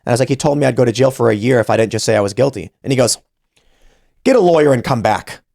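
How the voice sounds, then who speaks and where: Gravelly-voiced man telling a story. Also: medium pitch, rapid-fire, no room sound, studio quality. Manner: animated, acts out quoted voices. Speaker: podcast host. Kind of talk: casual storytelling.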